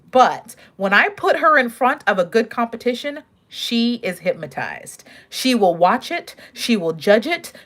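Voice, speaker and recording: A woman's voice: mid-range voice, a bit bright. A young woman chatting casually on a livestream as a pageant commentator, bubbly and gushing.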